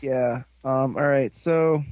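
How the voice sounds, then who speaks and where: A young man hosting a casual podcast, rambling and sarcastic as he sums up an episode and mocks the characters in quick put-on voices. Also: mid-range voice, fairly even intonation, dull audio, background noise. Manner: rambling, sarcastic, mocking voices while retelling scenes. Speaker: podcast host.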